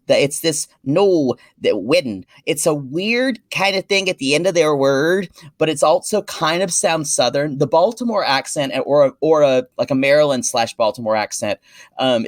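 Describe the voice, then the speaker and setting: Catty male podcast co-host, animated delivery, dry close-mic sound. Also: mid-range voice, dry recording. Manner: chatty and catty, quick asides. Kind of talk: casual podcast chat.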